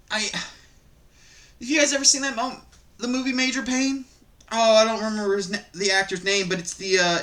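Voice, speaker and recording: A man hosting a reaction video, ranting casually and profanely about online stories in a rambling, animated way. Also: sits high.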